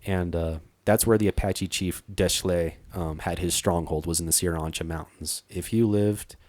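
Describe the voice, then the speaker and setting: A man from Arizona, a treasure hunter guest, telling a story in a casual, animated way and acting out what people said. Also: deep voice, moderate pace, no echo. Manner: animated, acts out quoted dialogue, frequent fillers.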